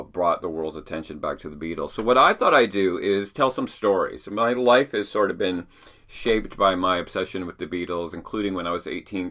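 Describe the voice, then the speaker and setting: Deep-voiced man telling rambling stories. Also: sharp tone. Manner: rambling, chatty with fillers and restarts. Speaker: podcast host. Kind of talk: casual storytelling. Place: home attic.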